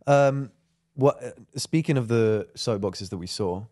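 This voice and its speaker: A man's voice: mid-range voice, a little slow, darkish tone. A young man co-hosting a podcast in casual chat, rambling with lots of fillers and laughter. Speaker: podcast co-host.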